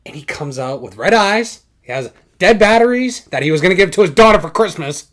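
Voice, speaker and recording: A young man hosting a casual podcast, talking in a high voice that swings up and down a lot. He is animated and expressive and retells scenes with gusto. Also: a little fast. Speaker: podcast host.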